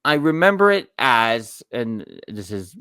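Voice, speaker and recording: A man in his forties with a New York accent co-hosts a casual theme park podcast, spinning rambling stories he keeps correcting mid-sentence. His mid-range voice is sing-song, a little slow, pushed and bright, with a clean tone on a dry recording.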